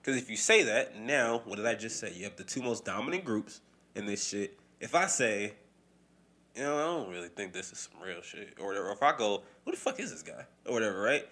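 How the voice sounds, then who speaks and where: A man's voice: lowish voice, fairly quick. A man co-hosting a podcast in casual, profane chat. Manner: animated, profane, mimics voices when quoting people. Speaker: podcast co-host.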